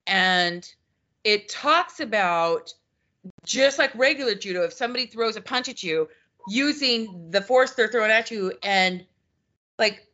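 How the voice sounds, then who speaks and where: A woman's voice: mid-range voice, unhurried. A woman co-hosting a podcast in casual chat, telling stories and acting out what people said. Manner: animated storyteller, acts out quoted exchanges. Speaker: podcast co-host; former customer service manager. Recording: dull lo-fi audio.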